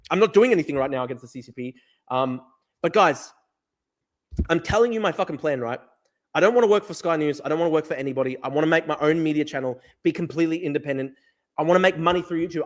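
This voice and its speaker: A young man hosting a livestream from his desk, talking in a fired-up, profane, rambling way as he reads chat. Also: fairly high pitch. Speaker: livestream host. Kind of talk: casual livestream talk reading chat. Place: at a desk at home. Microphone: desk camera mic.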